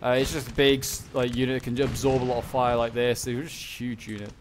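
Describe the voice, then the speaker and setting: A man's voice: medium pitch, flat delivery, quick pace, noisy background. A man giving casual, rambling commentary over a strategy game battle, with lots of fillers and restarts. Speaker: gameplay commentator.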